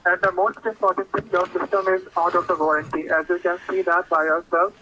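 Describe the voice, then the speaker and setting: A man making a scripted tech support pitch over the phone, pushy and in broken English. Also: fairly even intonation, brisk, bright, forceful tone, a little hiss or hum. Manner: insistent, broken English phrasing. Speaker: fake tech support caller. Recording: tinny phone line.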